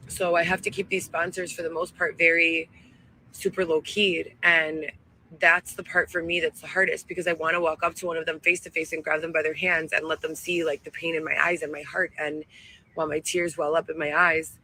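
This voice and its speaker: A woman's voice: lowish voice, bright, forceful tone, a little hiss or hum, low-quality recording. A woman talking in a wandering, emotional and self-righteous way, in a clip played back. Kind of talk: rambling monologue. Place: outdoors, living in a tent.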